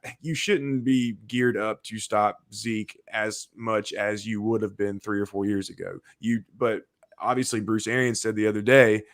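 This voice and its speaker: A man's voice: fairly low pitch, level tone, moderate pace, no echo, clean studio sound. A man co-hosting a sports podcast, chatting casually and laughing easily. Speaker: podcast co-host.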